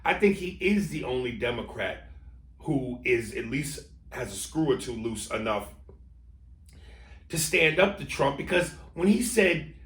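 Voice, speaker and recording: A man's voice: medium pitch, expressive, measured pace, a bit bright, distant mic. A man co-hosting a podcast, arguing politics with passion, swearing and stumbling over restarts. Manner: impassioned, swearing, stammering restarts. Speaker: podcast co-host. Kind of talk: heated political debate chat. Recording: roomy echo.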